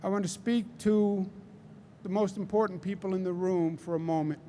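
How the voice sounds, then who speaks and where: A man with a Queens, New York accent gives a public press briefing in a large indoor hall, emphatically repeating key phrases to stress them. His voice is high and mellow, his tone steady and his pace moderate, with slight background noise.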